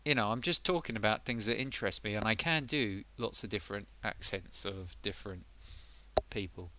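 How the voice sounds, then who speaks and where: A man's voice: fairly low pitch, expressive, brisk, pushed and bright. A man chatting on a live stream who is a bit under the weather, rambling and muttering to himself as he gets sidetracked. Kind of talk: casual live stream chat.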